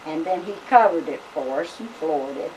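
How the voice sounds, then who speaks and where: An older woman spins folksy family tales. She rambles, full of uhs and you-knows, in a lowish voice. The voice comes from a camcorder across the room, with a faint hiss behind it. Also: animated, moderate pace, dark tone. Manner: folksy, rambling, with many fillers. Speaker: family storyteller. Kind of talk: casual storytelling. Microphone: camcorder microphone. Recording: home video camera from a distance, faint hiss.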